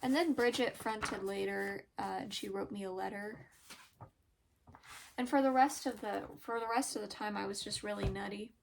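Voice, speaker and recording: Hesitant young woman with a gravelly edge. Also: mid-range voice, background noise. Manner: hesitant, halting, many pauses and fillers; emotional, soft-spoken. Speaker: vlogger. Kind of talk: personal confessional vlog.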